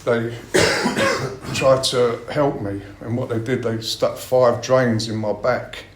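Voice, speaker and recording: A man's voice: medium pitch, animated, takes it slowly, background noise. Blunt, swearing man sharing at a recovery meeting, roomy hall sound. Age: middle-aged. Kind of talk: personal share at a recovery meeting. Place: meeting room. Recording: roomy meeting-room echo.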